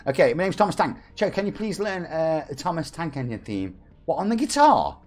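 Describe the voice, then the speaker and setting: A man's voice: fairly high pitch, big pitch swings, a little fast, darkish tone. A man, chatting and joking with viewers as a game streamer. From England. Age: 40s. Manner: chatty, jokey, reads out viewer messages. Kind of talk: live-stream chat with viewers.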